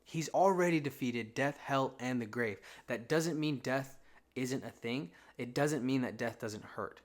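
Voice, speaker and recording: A man's voice: medium pitch, measured pace. Casual young man preaching conversationally. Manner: casual, conversational, acts out quoted thoughts. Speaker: Christian content creator. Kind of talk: faith-talk monologue.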